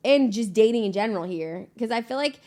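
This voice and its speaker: A woman's voice: a little high, lively intonation, a little mellow. A woman from Louisiana, a pop country singer, chatting as a podcast guest, talking freely with lots of "like". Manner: chatty, reacts with gasps and quick exclamations, many fillers like "like". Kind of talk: casual podcast chat.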